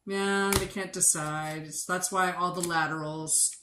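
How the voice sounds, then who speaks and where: A woman reads tarot cards on a livestream, unhurried, unfiltered and sarcastic. She swears freely as she works through the spread. The sound is roomy and echoey with clear background noise. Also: lowish voice, steady tone. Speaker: tarot reader.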